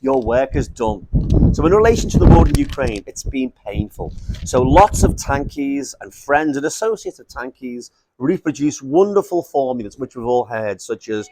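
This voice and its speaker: A man's voice: medium pitch, expressive, moderate pace, dark tone, low-quality recording. A man giving an informal lecture, rambling and self-interrupting, with jokey asides.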